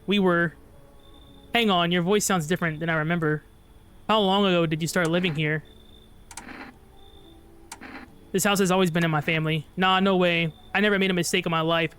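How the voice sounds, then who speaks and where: A man's voice: high-pitched, steady tone, brisk, fairly bright tone, a little hiss or hum. A man reading as a bitter survivor at the door. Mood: pleading.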